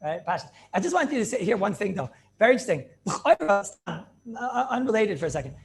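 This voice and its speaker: Animated rabbi, high gravelly voice. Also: male voice, quick pace, slight background noise. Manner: animated questioning, answers his own questions, repeats phrases. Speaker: rabbi teaching a class. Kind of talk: Talmudic class lecture with back-and-forth questions.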